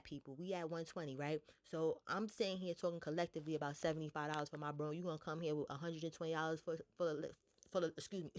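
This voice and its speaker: Blunt young woman telling a story. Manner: animated retelling, blunt and profane, voices others higher. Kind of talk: casual storytime.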